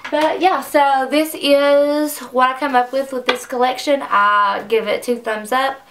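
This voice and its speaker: Her high, fairly bright voice stays steady at a measured pace, picked up by a distant mic. She's a young beauty vlogger reviewing makeup in her home makeup room, chatty and gushing, and "like" comes up often.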